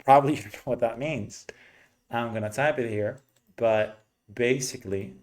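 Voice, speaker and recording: A man teaching an English pronunciation lesson, explaining slowly and demonstrating vowel sounds by repeating them. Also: medium pitch, a little mellow.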